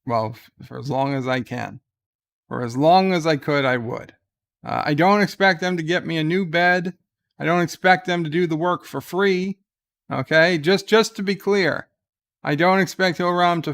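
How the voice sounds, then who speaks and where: A man's voice: fairly high pitch, gravelly, a bit bright. A weary man hosting a casual livestream at home, reading viewer comments aloud with wry asides. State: exhausted. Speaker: livestream host. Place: at home in bed.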